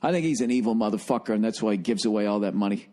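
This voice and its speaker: A man's voice: lowish voice, racing, dark tone. A man hosting a comedy podcast, ranting in a profane, rambling monologue. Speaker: podcast host.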